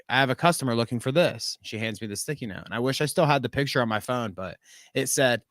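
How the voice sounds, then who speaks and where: A man chatting casually as a podcast co-host, telling animated stories with plenty of swearing and laughter. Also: mid-range voice, no room sound, studio quality.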